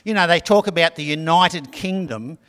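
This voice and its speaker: Middle-aged pastor preaching in a reverberant church. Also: male voice, fairly high pitch, normal speed, fairly bright tone. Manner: conversational, storytelling with asides. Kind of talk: sermon.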